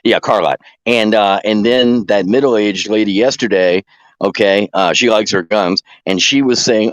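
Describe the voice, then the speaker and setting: A man's voice: on the low side, unhurried, no echo, rough recording. A man calling in to a casual podcast chat, laid-back and joking.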